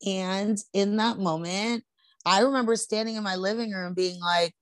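A woman's voice: medium pitch, a little slow, no room sound. A middle-aged woman co-hosting a podcast, telling a personal story in an earnest, casual way with frequent restarts. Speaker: podcast co-host.

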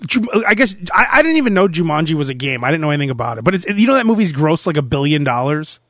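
A man's voice: fairly high pitch, quick pace, no room sound, studio quality. A man hosting a podcast in casual chat, telling stories with lots of laughter and acted-out quotes. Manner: animated storyteller, laughs often, acts out quotes. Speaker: podcast host.

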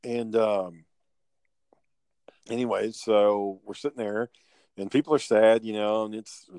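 Man, podcast host, low-pitched, dry close sound, rambling and profane storyteller. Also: steady tone, unhurried, darkish tone, smooth, no room sound. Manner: rambling, profane, laughs while telling stories. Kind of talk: casual storytelling chat.

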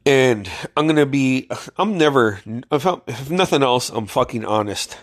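A man's voice: medium pitch, lively intonation, moderate pace, no echo, studio quality. A man telling stories in a blunt, profane, ranting way, venting in a casual video diary while sick with covid. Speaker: vlogger.

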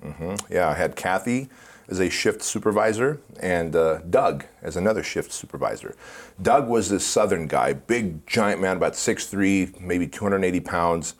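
A man with a very deep voice tells stories in a lively, animated way during a casual interview. He laughs often as he talks. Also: moderate pace. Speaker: podcast guest.

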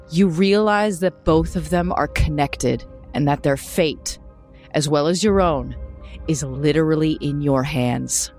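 A woman narrating a tabletop role-playing game as game master, in a slow, descriptive storytelling manner. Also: low voice, darkish tone.

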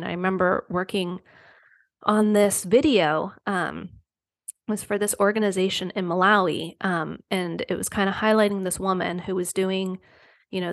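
A woman's voice: on the low side, creaky, no echo. A middle-aged woman speaking as a guest author in a reflective podcast conversation, earnest and loose, full of fillers and restarts.

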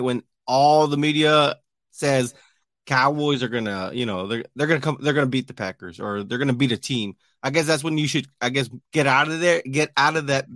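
A man's voice: mid-range voice, fairly bright tone, no room sound. A man asking questions in a casual sports interview. His voice sits mid-range, and he halts and restarts as he feels his way through each question. The audio is dry and close-miked. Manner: hesitant, many restarts and fillers.

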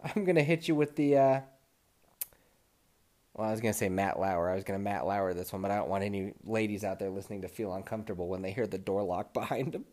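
A man's voice: lowish voice, quick pace, a little mellow. A man hosting a podcast, telling a dream story in casual, profane monologue, laughing often and still getting over a cold. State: lingering cold. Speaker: podcast host.

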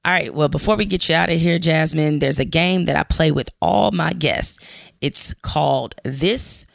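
A woman's voice: low-pitched, moderate pace, gravelly, no echo, clean studio sound. A woman hosting a podcast interview, asking direct, upbeat questions. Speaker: podcast host.

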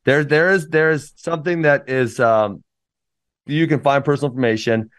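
A man with a medium-pitched voice recorded close and dry, co-hosting a casual podcast. He speaks bluntly and with strong opinions, ranting about behavior he can't stand. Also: moderate pace, a bit bright, dry recording. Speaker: podcast co-host and wrestling coach. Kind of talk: casual chat.

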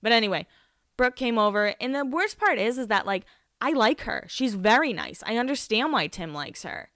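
A woman's voice: a little high, sing-song, normal speed, fairly bright tone, no room sound, clean studio sound. Candid, swearing young woman telling a story. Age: 20s. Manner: candid, swears a lot, laughs at herself. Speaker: podcast host. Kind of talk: casual storytelling monologue.

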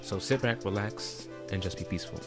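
A man from the United States hosting a casual podcast, animated and joking, often loud and expressive. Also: fairly low pitch, fairly quick, over loud music. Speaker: podcast host. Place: indoor podcast setup.

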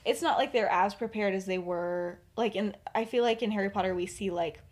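A woman's voice: medium pitch, a little fast, darkish tone. A woman hosting a podcast, retelling a fan story casually, rambling with many fillers and laughing often. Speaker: podcast host.

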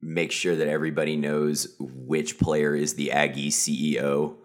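A man's voice: extremely low pitch, flat delivery, moderate pace. A man co-hosting a podcast in casual chat, joking and bursting into silly voices. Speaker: podcast co-host.

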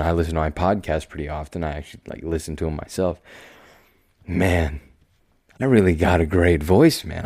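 A young man hosting his own podcast, talking calmly and slowly in a rambling, self-deprecating way. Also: sits low, no echo, studio quality. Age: young adult. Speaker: podcast host. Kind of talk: casual solo podcast monologue.

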